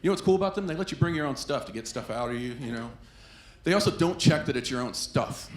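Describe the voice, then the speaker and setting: Male stand-up comic with a gravelly voice in an echoey club, telling animated stories. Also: medium pitch. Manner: animated storytelling with quoted voices. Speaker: stand-up comedian. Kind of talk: stand-up comedy set. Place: comedy club stage. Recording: echoey club with faint ambience.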